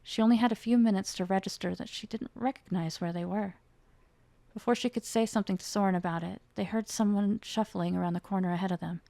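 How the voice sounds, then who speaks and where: A woman's voice: medium pitch, steady tone, fast, gravelly, warm tone, dry recording. A woman reading aloud a chapter of her own fantasy novel, lifting her voice for the characters' dialogue. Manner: reads the characters' lines with rising emotion. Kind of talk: dramatic fiction reading.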